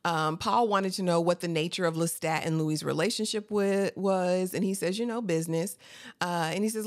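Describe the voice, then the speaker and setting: Casting note: woman, casual and animated TV recapper, a bit low-pitched. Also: normal speed, no room sound. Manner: chatty, animated, laughs often, calls listener honey. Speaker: TV recap host.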